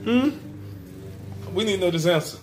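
Teasing dad over loud music. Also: male voice, high voice, animated, moderate pace. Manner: playful, teasing, loud calls to the viewers. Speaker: dad filming the family vlog. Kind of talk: casual family vlog chat.

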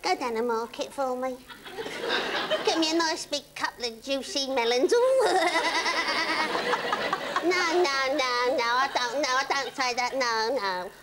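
A woman's voice: high voice, moderate pace, pitched above the performer's own voice, close to an everyday voice. A woman doing an impression of a brassy, saucy older soap actress, with cheeky, bawdy giggles. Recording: loud background noise.

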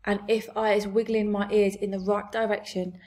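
A woman reading out a kindly giant from a storybook, earnest and gentle. He mangles his grammar in an odd, endearing way. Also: mid-range voice, level tone, moderate pace, close to an everyday voice. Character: big friendly male giant, gentle, muddled grammar.

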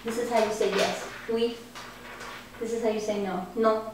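A woman teaching a class, speaking slowly and encouragingly and repeating words for her learners. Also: fairly high pitch, fairly even intonation. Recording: echoey room, distant mic, faint noise.

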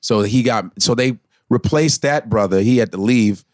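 A man telling an animated story in quick bursts as a podcast guest in casual chat. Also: mid-range voice, no echo, clean studio sound.

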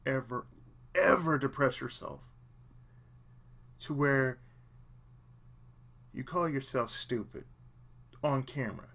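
A man's voice: mid-range voice, fairly bright tone. A man hosting a let's play channel, giving earnest, emphatic advice in casual talk and often repeating himself for emphasis. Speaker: let's play host, aspiring voice actor.

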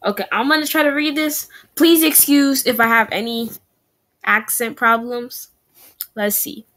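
A woman's voice: fairly high pitch, unhurried, a bit bright. A young adult woman chatting casually in a language-learning vlog, talking through her practice and correcting herself as she goes. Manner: chatty, self-correcting, repeats practice phrases aloud.

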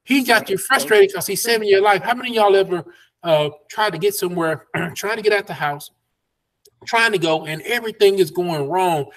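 A man's voice: sits high, brisk. A man, a pastor teaching a Bible study over a video call in a folksy, preacherly way. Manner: preacherly, folksy, laughs between points.

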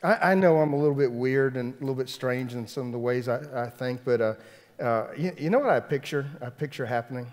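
A middle-aged man with a Southern US accent preaching a sermon in a conversational way, repeating phrases and swinging between loud and hushed. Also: mid-range voice, fairly quick, big-room sound. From Southern United States. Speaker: pastor.

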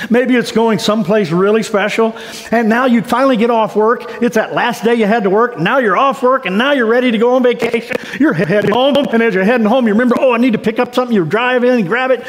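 A man delivers a sermon from the pulpit in a high, lifted voice. He tells folksy, animated stories with playful asides. A long hall reverb trails each phrase. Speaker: pastor. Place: church sanctuary.

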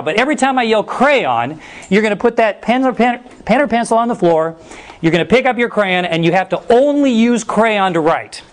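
A middle-aged male teacher giving a class brisk, playful instructions. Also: sits high. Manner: energetic, brisk, playful commands.

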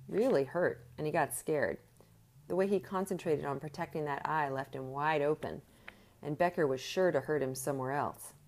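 Calm young man, explains like a teacher, voiced by a woman. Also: sits low. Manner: measured, explanatory.

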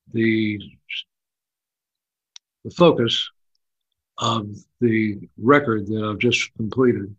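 A man's voice: fairly low pitch, muffled recording. An older man from Texas telling rambling, dryly humorous stories as a guest in a casual interview. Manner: rambling, dry humorous storytelling. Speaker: guest musician and storyteller.

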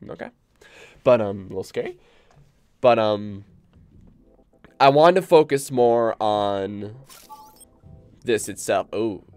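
A man commentating his own gameplay on a live stream, excitable and rambling, easily spooked by the game, with game music behind him. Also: on the low side, slow, long pauses, clear, resonant tone, no room sound. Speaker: gaming streamer.

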